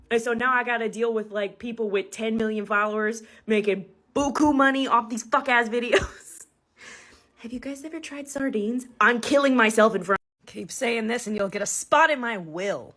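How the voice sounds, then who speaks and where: A woman's voice: a little high, normal speed, fairly bright tone. A young woman, ranting comedically to her phone camera in a brash, profane, riffing way. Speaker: TikTok comedian. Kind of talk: casual comedic rant to camera.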